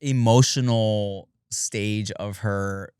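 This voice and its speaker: A man in his thirties co-hosting a casual podcast, telling lively stories, swearing freely and acting out his kids in high voices. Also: extremely slow, smooth, dry recording, clean studio sound. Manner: swears casually, laughs often. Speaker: podcast co-host.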